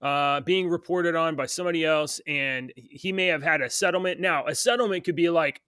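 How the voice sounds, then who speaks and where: Rambling middle-aged man, higher voice. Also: moderate pace, hardly any pauses, sharp tone, clean tone, dry recording, studio quality. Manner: rambling, with many restarts and fillers. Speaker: co-host. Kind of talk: casual chat.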